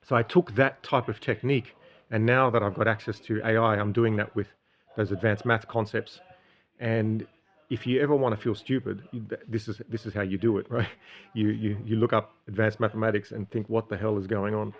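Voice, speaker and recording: A man's voice: fairly low pitch, fairly even intonation, a little fast. An Australian man from Sydney explaining a study method in a casual, rambling monologue with many ums and restarts. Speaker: streamer.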